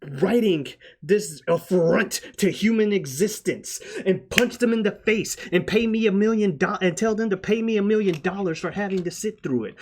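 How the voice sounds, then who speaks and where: Profane, ranting higher-voiced man. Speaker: podcast host. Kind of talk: casual ranting movie review.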